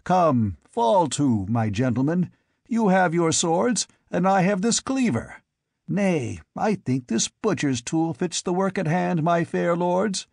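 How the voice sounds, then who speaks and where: A man voicing a fierce, mocking barbarian king in an audiobook, speaking in a rumbling, taunting way. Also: sing-song, takes it slowly, gravelly, darkish tone, dry recording, clean studio sound, exaggerated voice. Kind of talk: audiobook character voice.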